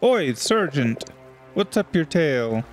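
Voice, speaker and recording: Scoffing male rat guard read by a man, game reading, brusque, slow and fairly high. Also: big pitch swings, soft background music.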